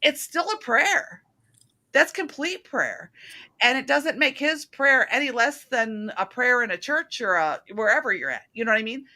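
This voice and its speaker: Bright-voiced chatty woman host. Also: high-pitched, moderate pace. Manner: chatty, earnest, animated storytelling. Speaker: talk show host. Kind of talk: casual spiritual chat.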